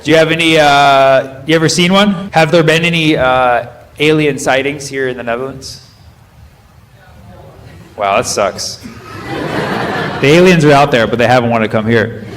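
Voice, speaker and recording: A man in his thirties, a stand-up comedian doing loose crowd work, riffing and firing quick questions at the audience from the stage. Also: medium pitch, a bit bright, a little hiss or hum. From United States.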